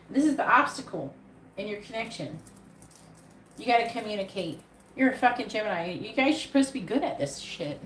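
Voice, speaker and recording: A woman giving a live tarot reading, talking in a blunt, profane way with a pep-talk delivery. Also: medium pitch. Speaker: tarot reader. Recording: echoey room with faint background noise.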